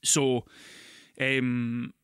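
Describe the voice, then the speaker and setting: A Scottish man hosting a podcast, telling stories in an animated, sweary, ranting way. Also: medium pitch, very slow, clean tone, no echo, studio quality. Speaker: podcast host. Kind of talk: casual monologue.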